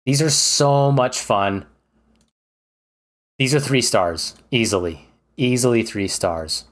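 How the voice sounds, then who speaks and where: Male streamer, casual game talk, eager and rambling, mid-pitched voice, lots of ums. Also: slow. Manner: chatty and rambling, with many fillers; enthusiastic. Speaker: streamer ranking games. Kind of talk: casual livestream commentary.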